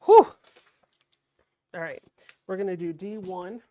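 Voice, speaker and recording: Female livestream host, soft-spoken and unprojected, low gravelly tone, chats and thinks aloud while sewing. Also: moderate pace, slight background noise. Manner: soft-spoken, not projecting.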